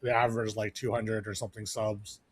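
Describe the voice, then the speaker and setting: Level in tone and a little fast, this man's lowish voice carries his casual podcast chat as a co-host. He rambles, dropping in fillers and starting over repeatedly.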